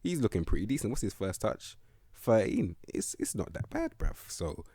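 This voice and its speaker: A man's voice: fairly low pitch, huge pitch swings, moderate pace, gravelly, warm tone, breathy edge, no room sound, studio quality. A young man giving blunt, slang-heavy commentary on a football management game. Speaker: gaming video host.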